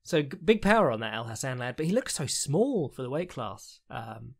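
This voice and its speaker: A man's voice: medium pitch, big pitch swings, moderate pace, creaky. A man hosting a podcast, recapping fights in a rambling, frank way with lots of fillers, the odd swear and laughs. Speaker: podcast host, fight analyst. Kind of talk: casual solo commentary recap.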